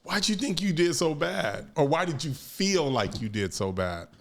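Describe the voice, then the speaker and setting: A man hosting a casual interview, mostly giving short agreements and asking relaxed questions. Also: fairly high pitch, normal speed. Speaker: interviewer host.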